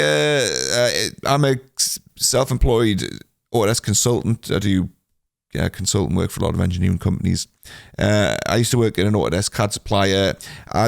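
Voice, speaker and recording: Gravelly low-voiced man rambling casually. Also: no room sound, clean studio sound. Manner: rambling, self-deprecating, many filler sounds. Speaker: podcast host. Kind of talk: casual solo podcast chat.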